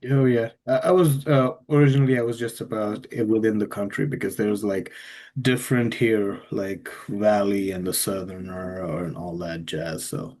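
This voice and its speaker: A man's voice: fairly low pitch, steady tone, moderate pace, a little mellow. A man hosting a podcast interview, speaking hesitantly with many fillers and encouraging his guest. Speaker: podcast host.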